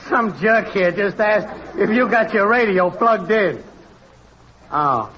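A brash, high-voiced radio technician. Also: male voice, expressive, takes it slowly, slight background noise. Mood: cocky. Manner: wisecracking, stubborn, calls out in a high singsong. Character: brash, pushy male network technician. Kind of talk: 1940s radio comedy acting. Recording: dull old radio broadcast recording.

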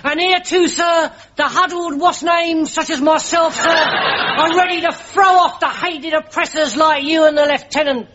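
An actor playing a dim, earnest army private who keeps saying sir, in a sitcom before a studio audience. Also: male voice, very high-pitched, steady tone, measured pace, sharp tone, muffled recording, some chatter behind, slight background noise, full character voice.

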